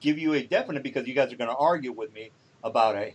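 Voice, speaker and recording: A man running a tabletop role-playing game for his players, talking casually with many pauses and fillers. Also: mid-range voice, slight background noise. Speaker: game master.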